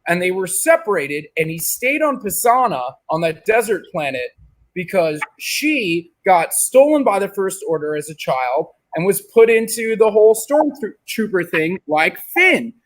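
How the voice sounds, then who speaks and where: A man's voice: sits high, big pitch swings, unhurried. A man co-hosting a casual live chat, blunt and teasing, swearing freely. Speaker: co-host.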